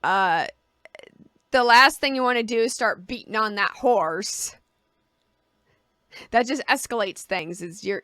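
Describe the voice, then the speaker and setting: A woman's voice: medium pitch, lively intonation, takes it slowly, pauses often, fairly bright tone, dry recording, studio quality. A woman vlogger talking casually to camera, giving personal advice and explaining with homely analogies.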